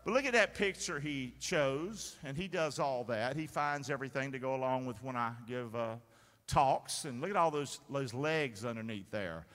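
A man preaching a sermon as pastor, energetic and calling for the congregation's responses. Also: mid-range voice, moderate pace. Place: large church sanctuary. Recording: long hall reverb in church.

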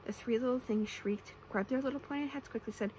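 A woman reading bedtime stories aloud as whispered role-play, in a soft, hushed manner. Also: a little high, fairly quick, a little hiss or hum, rough recording. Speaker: ASMR storyteller.

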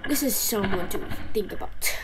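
A woman acting out a playful improvised skit, voicing every character and swinging between squeaky and gruff low voices as they bicker and yell. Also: animated, moderate pace, a little hiss or hum. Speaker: narrator voicing all characters.

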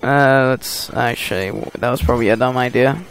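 A man's voice: medium pitch, moderate pace, a little hiss or hum. A man giving casual gameplay commentary, muttering and joking to himself as he plays. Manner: mutters and jokes to himself while playing. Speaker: gameplay host.

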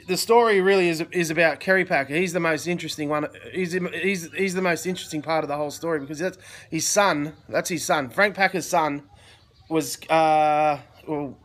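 A man hosts a relaxed livestream from Thailand, his voice sitting a little higher than most men's. He rambles in a friendly, unscripted way and keeps pausing mid-thought to greet viewers as they join. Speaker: livestream host. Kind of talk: casual livestream chat.

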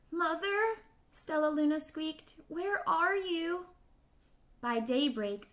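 Slow, bright-voiced woman teacher reading aloud. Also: a little high. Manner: encouraging, asks listeners questions and praises answers. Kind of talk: children's story read-aloud lesson.

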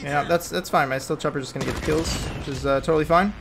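A young man casually commentating his own mobile shooter gameplay, chatty and excitable, shouting at enemies and muttering to himself. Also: on the high side, fast talker, vocal fry, hardly any pauses. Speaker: mobile gaming channel host. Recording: noisy game audio with gunfire.

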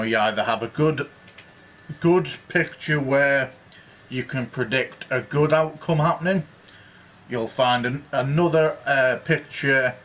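A man's voice: medium pitch, fairly bright tone. A man hosting a game walkthrough, explaining the menus in a rambling, casual way. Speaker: gaming channel host. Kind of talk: let's play commentary.

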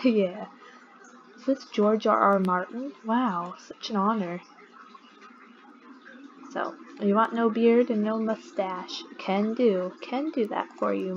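A woman drawls through a game at an unhurried pace, laughing at her own mistakes and bantering with the characters on screen. Her voice comes through slightly muffled, with a faint hiss underneath. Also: mid-range voice. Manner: giggly, chatty, talks to the game characters. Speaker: let's play gamer. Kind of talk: casual gameplay commentary.

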